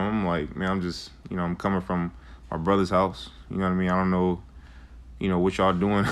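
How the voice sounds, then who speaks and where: A man's voice: fairly low pitch, a bit bright. A young man telling a rambling, profane personal story in a casual way, with lots of fillers. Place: Arizona.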